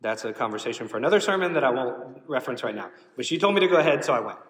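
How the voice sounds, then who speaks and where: Pastor preaching in a roomy church hall. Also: male voice, mid-range voice, racing. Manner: storytelling, animated and emotional, shouting out quoted cheers. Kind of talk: sermon. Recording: roomy hall, voice from some distance.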